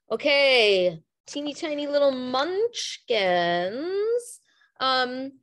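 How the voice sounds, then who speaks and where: A woman teacher on a video call, chatting with the class in an animated, giggly way. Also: a little high. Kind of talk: casual online class chat.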